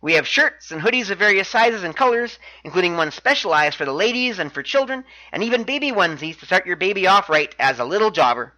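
A man's voice: high-pitched, animated, quick pace, hardly any pauses, sharp tone, low-quality recording. A man hosting a podcast, recapping wrestling matches in a chatty way with wry asides. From Canada. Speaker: podcast host.

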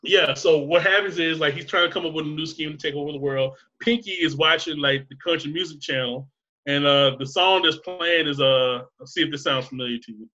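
A man's voice: fairly high pitch, fairly quick, sharp tone, muffled recording. A man rambling through a casual chat, laughing often and swearing freely.

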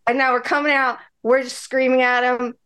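A woman co-hosting a sports podcast, talking in loose, animated chat. Her voice sits a little high, and she rambles from one thought to the next. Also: normal speed, clear, resonant tone. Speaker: podcast co-host. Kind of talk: casual chat.

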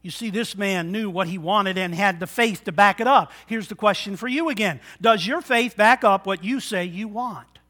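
Preacher guy, high bright voice, goes soft then loud, acts out the people in his stories. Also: normal speed, hardly any pauses. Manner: swings from quiet intimate talk to loud exhortation. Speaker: pastor. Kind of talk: sermon.

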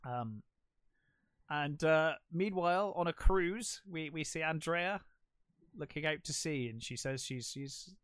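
Dry, slightly high-voiced man reviewing films. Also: measured pace, a bit bright, clear, resonant tone, dry recording. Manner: enthusiastic, retells plot with many fillers. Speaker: podcast co-host. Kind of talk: casual film review chat.

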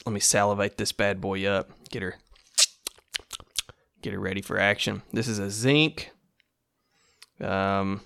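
A man's voice: on the low side, vocal fry, a bit bright, no echo, studio quality. A man hosting a casual solo podcast in a laid-back, rambling, self-amused way. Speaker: podcast host.

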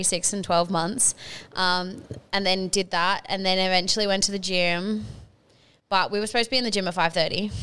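Young aussie or kiwi woman on a podcast, smooth clear voice, blunt and sweary. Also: mid-range voice, a bit bright. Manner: candid, swears freely, ranting. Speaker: podcast co-host. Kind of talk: casual chat.

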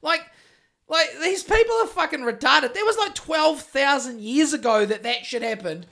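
Middle-aged New Zealand man, high-voiced podcast host who rants and swears hard. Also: expressive, moderate pace, creaky, pushed and bright. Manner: sweary heated ranting. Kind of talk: casual chat.

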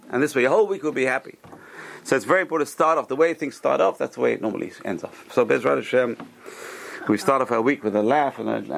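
A man giving a Torah class, animated and repeating phrases for emphasis. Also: mid-range voice, gravelly. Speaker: rabbi teaching a class.

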